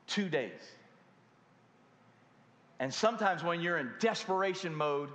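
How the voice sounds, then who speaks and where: A man preaching a sermon in a church, pausing dramatically and firing rhetorical questions at the congregation. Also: on the high side, lively intonation, a bit bright. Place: church sanctuary. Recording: echoey hall with long reverb.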